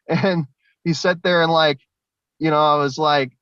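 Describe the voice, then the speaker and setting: A man's voice: fairly high pitch, fairly even intonation, moderate pace, a bit bright, clear, resonant tone, no room sound, lo-fi sound. A young man telling a long personal story in an interview, rambling with many fillers and restarts. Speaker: guest. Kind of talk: recounting personal experiences.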